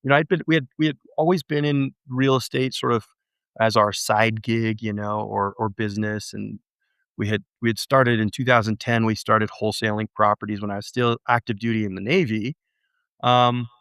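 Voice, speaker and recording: A man telling his story as an interview guest, halting and restarting often, with lively acted-out quotes. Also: on the low side, clean tone, dry recording, studio quality. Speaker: real estate investor guest.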